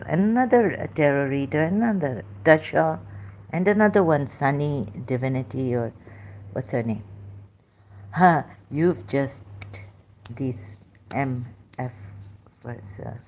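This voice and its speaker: Low, slow, mellow-voiced woman rambling. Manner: rambling, self-interrupting, many restarts. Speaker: vlogger. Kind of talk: casual monologue.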